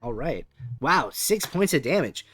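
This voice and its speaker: A man's voice: on the high side, big pitch swings, unhurried, pushed and bright, breathy edge, no echo, soft background music. A man narrating a tabletop game as game master, rambling with many fillers. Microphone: webcam setup.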